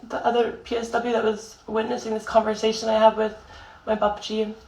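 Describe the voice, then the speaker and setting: A young woman speaking through grief in a raw, halting personal vlog, swearing often and pausing on fillers while tearful. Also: fairly high pitch, monotone, gravelly, darkish tone, roomy sound, distant mic, poor audio. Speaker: vlogger. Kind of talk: emotional personal monologue.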